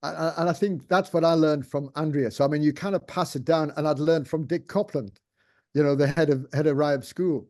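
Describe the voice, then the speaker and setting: Older man, warm voice. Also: a little high, fairly even intonation, a little fast. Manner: rambling, many restarts and fillers. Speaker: interview guest, former TV executive producer. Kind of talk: casual interview chat.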